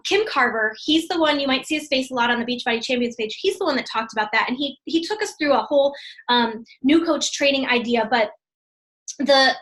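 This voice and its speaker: A woman's voice: a little high, fairly bright tone. A woman coach giving a motivational team training talk, enthusiastic and chatty, often checking in with "right?" and addressing her listeners as "you guys".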